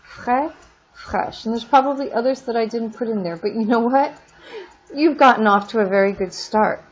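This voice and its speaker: A woman teaching a French class in a recorded lesson, drawing out words slowly for pronunciation drills and adding casual asides. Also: a little high, highs cut off.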